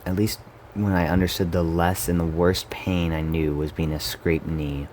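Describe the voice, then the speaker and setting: A man giving a dramatic reading of a story game in a quiet, subdued, measured delivery. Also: low-pitched, flat delivery, slight background noise. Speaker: story reader.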